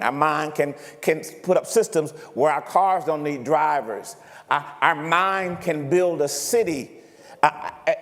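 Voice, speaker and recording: High-voiced preacher in a reverberant hall. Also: male voice. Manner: animated preaching, asks the congregation if he makes sense. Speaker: pastor. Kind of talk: sermon. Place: church sanctuary.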